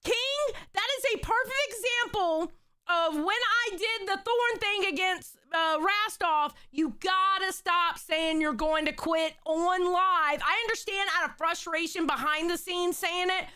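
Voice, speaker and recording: Blunt, profane woman co-host with a high voice, in a dry, close-mic'd room. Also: a little slow, pushed and bright, dry recording. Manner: blunt, profane, emotional pleading. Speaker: stream co-host. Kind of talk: casual live-stream chat.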